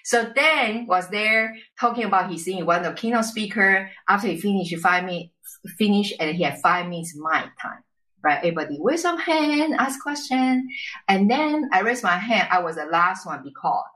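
Bright-voiced woman with a Chinese accent. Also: mid-range voice, low-quality recording. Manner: lively, tag questions and quick restarts. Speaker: podcast guest. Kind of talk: conversational storytelling interview.

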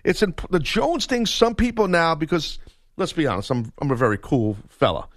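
A man's voice: fairly high pitch, very animated, moderate pace, dry recording. A man hosting a sports radio show, joking and boasting in casual banter on a studio microphone.

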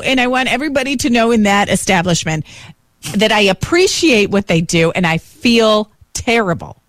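A woman's voice: medium pitch, normal speed, no room sound, clean studio sound. A woman telling a story in casual chat, acting out the voices of the people in it. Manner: animated storyteller, acts out voices.

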